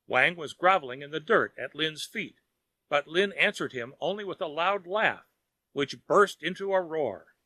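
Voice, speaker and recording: A man narrating a children's audiobook in a measured storytelling manner. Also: a little high, animated, bright, forceful tone, dry recording.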